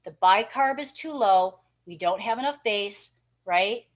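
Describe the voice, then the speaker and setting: A woman's voice: mid-range voice, lively intonation, unhurried. A woman teaching a nursing class, encouraging and checking in with her students often. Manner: encouraging, checks in with frequent "okay?" and "right?". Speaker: nursing instructor. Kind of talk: recorded class lecture. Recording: dull lo-fi lecture recording.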